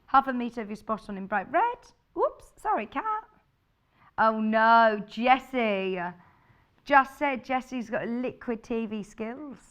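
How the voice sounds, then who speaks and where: A woman's voice: on the high side, unhurried, a bit bright, smooth. A woman presenting sewing kits on a live shopping channel, chatty and bubbly, thinking aloud as she shows the fabrics. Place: TV studio.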